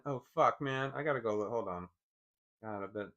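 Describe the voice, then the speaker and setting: A man on a live stream, thinking aloud in a halting way, often repeating words as he works through what he sees. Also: lowish voice, pushed and bright, highs cut off.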